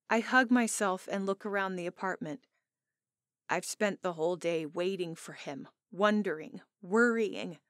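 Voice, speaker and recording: A woman narrating a first-person romance audiobook in an expressive, emotional way, on a close studio mic. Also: fairly low pitch, dry recording.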